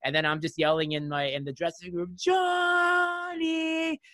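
A man who is a guest and airline pilot, telling stories in a casual podcast chat. He is animated and profane, and he acts out other people's voices. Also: a little high, quick pace, no echo, clean studio sound.

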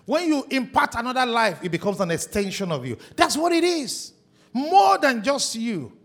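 Pastor, male, high animated voice, emphatic sermon delivery. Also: moderate pace. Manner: emphatic preaching, stretching and shouting key words.

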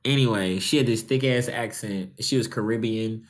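A man's voice: on the low side, moderate pace. A man with an American accent hosting a casual chat, telling loose, joking stories with plenty of profanity. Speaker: podcast host.

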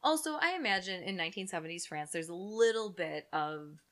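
Woman co-host, bright and forceful, chatty and profane, spins a true crime tale. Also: on the low side, expressive, fairly quick. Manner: chatty, profane, jokey storyteller. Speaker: podcast co-host telling a true crime story. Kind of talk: casual chat.

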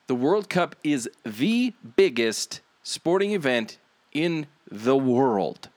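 Male podcast host, casual and rambling, animated delivery, dry recording. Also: mid-range voice, takes it slowly, no echo. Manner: laid-back, rambling, swears casually.

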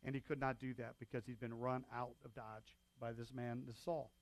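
A man's voice: medium pitch, little pitch movement, moderate pace. A man preaching a sermon as pastor, talking in a loose, conversational way with frequent asides to the congregation.

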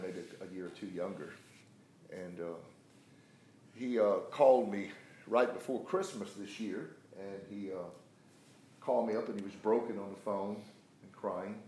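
A man's voice: low voice, darkish tone. Echoey older man telling a story. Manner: halting storyteller with many restarts and fillers. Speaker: prayer group leader. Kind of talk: testimony in a group meeting. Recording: echoey room with faint background noise.

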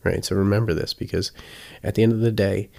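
Male dog trainer, deep and gravelly, easygoing teaching style with lively acted-out examples. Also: fast talker. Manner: chatty, often checks in with "right?"; acts out examples with sudden bursts. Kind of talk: casual teaching talk.

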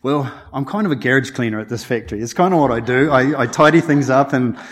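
A man's voice: mid-range voice, fast, husky. A middle-aged man, sharing a personal testimony at church before his sermon, chatty and emotional, often laughing. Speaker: lay preacher.

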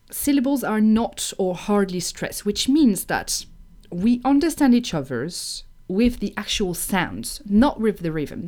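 Giving an online lesson on pronunciation, a young woman from France teaches French emphatically and with lots of animation. She is a native French speaker with a French accent and a mid-range voice.

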